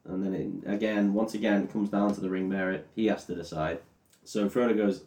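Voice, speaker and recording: A man's voice: low-pitched, steady tone, fairly quick, warm tone. Young man retelling a film, roomy sound. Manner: crude, laughing, sweary storytelling. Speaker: podcast co-host retelling a film. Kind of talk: comedic casual retelling. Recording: roomy, mic at some distance.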